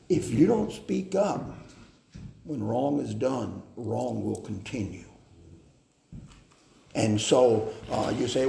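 A man preaching a sermon on family life, slow and deliberate, with hesitant fillers. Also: mid-range voice, expressive, vocal fry, mellow. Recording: echoey hall with faint noise.

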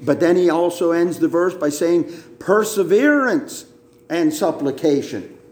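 Emphatic preacher in an echoey room. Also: male voice, a little high, expressive, darkish tone. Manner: emphatic, repeats words, slow deliberate teaching. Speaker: pastor. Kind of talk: sermon. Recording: roomy echo.

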